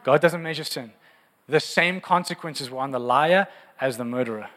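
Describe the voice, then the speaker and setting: A man preaching a humorous, lively sermon in a church. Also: on the high side, moderate pace. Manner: humorous, animated preaching with acted prayers. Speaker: pastor. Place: large church hall. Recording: reverberant church hall.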